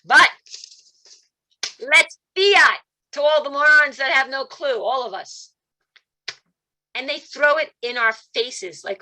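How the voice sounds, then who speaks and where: Woman guest on a video call, bright and animated storyteller, acts out quotes. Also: slow, long pauses. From Italian-American, Calabrese roots. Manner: animated storytelling, quotes voices with big pitch jumps. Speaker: guest speaker. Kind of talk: spiritual talk on a video call.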